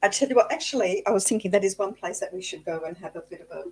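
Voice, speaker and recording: Husky woman, chatty co-host. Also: medium pitch, racing. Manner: chatty, laughs along, teasing. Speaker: livestream co-host. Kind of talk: casual live-chat banter.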